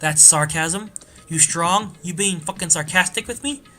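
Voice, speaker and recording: A man voicing a tough, hot-tempered young male biker in a game let's play, gruff and swearing. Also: high-pitched, unhurried, pushed and bright, soft background music, heavily acted. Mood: angry.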